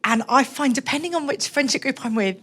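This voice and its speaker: Woman in the audience, from brazil, talks quick and kinda high, friendly rambling question. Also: expressive, fairly bright tone, slightly rough. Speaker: audience member asking a question. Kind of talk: live Q&A question. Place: bookshop event audience.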